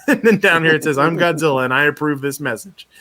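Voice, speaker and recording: A man's voice: on the high side, pushed and bright. Man rambling through a story, swearing and laughing. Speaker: podcast host. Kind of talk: casual chat.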